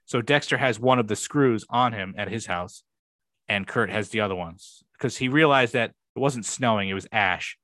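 A man's voice: on the low side, moderate pace, bright, forceful tone, no echo. A young man co-hosting a podcast, rambling through a show recap in casual chat, swearing freely and acting out quoted lines. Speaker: podcast co-host.

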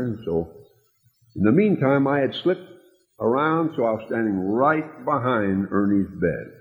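A male preacher telling a story in a sermon, slow and tender, dropping to a hush for quoted words. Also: mid-range voice, expressive. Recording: tinny, phone-like, with a long hall echo.

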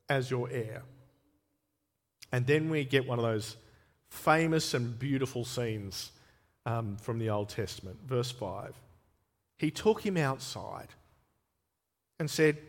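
A man preaching a sermon, expressive, slowing down and getting emphatic when he voices scripture. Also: fairly high pitch. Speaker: pastor. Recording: long reverb of a church hall.

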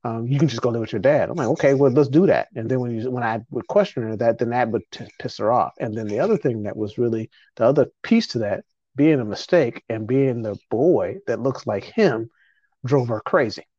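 A man's voice: medium pitch, animated, fairly quick, dark tone, dry recording. Man with rambling, restarting talk. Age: middle-aged. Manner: rambling, emotional, frequent restarts. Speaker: podcast host. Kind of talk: casual conversation. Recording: dull lo-fi podcast audio.

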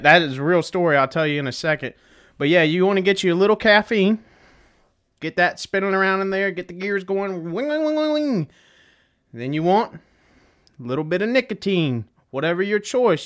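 This young podcast host's voice is high-pitched and a bit bright, moving at normal speed. Alone on his casual show, he rambles, cracks jokes, and uses lots of profanity, recorded through a webcam desk setup.

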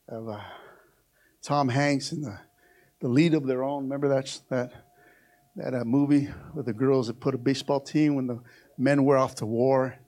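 A middle-aged male pastor preaching a sermon to his church, swinging from shouted exhortation to a quiet, close tone. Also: mid-range voice, slightly rough. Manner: preaching with rising shouts, then dropping to a hushed, intimate tone. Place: church sanctuary.

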